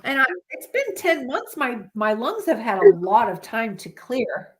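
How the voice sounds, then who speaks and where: A woman with a constant cold hosts a live podcast stream, her voice sitting a little high. She chats candidly and rambles, dropping swear words without a second thought. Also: big pitch swings, a little slow. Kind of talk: casual live-stream chat.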